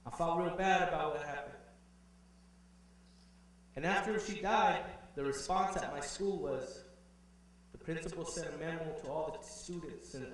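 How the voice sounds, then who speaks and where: A young man telling a personal story in an animated way as a conference speaker, heard from afar in a big hall with a faint hum. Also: a little high, far from the mic. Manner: animated, acts out quoted voices.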